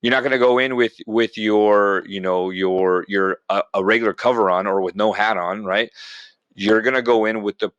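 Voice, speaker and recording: Man, middle-aged, blunt, animated, motivational storytelling, podcast guest, dry close sound. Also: lowish voice, moderate pace, clear, resonant tone, dry recording, highs cut off. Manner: blunt and animated, calls listeners bro. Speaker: veteran guest speaker.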